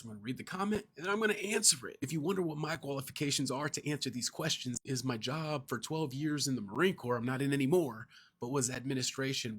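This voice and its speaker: A man who once worked in Marine administration reads viewer comments to camera and answers each one. His voice is husky and mid-pitched, and his delivery is plain and matter-of-fact. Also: fairly bright tone. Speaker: former Marine administration specialist.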